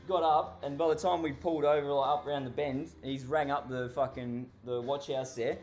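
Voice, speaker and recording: A man's voice: mid-range voice, steady tone, moderate pace, darkish tone, soft background music. An Australian man telling a story casually, rambling and swearing constantly, often laughing. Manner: heavily profane, rambling, laughs while telling.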